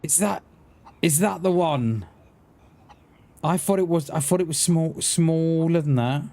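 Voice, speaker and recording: A man's voice: fairly high pitch, a little slow, vocal fry, mellow. A man streaming a survival game, chatting casually with his viewers in a rambling way, often restarting his words. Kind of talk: casual livestream chat while gaming.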